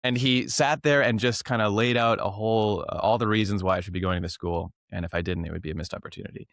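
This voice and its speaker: A man's voice: fairly low pitch, fairly even intonation, fast talker, a bit bright, dry recording, clean studio sound. A man, a professional clown and teacher, telling a rambling story in a casual interview, laughing often and restarting his sentences.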